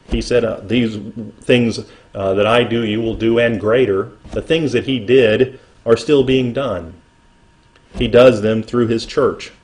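Middle-aged male pastor, earnest sermon delivery, reads verses slowly and lifts his voice for emphasis. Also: mid-range voice, darkish tone. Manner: earnest preaching, reading scripture slowly and rising in emphasis.

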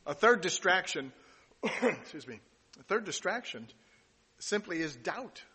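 A man's voice: high-pitched, very animated, unhurried, sharp tone, breathy edge, in a large hall. A man giving a sermon, reading scripture aloud and adding casual asides, with some restarts along the way. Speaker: pastor.

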